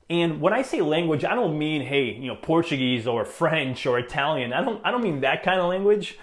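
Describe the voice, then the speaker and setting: A man's voice: a little high, expressive, a little fast, hardly any pauses, roomy sound. A man in his thirties hosting a solo motivational podcast, talking in an earnest, encouraging way with lots of "you know" fillers. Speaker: podcast host.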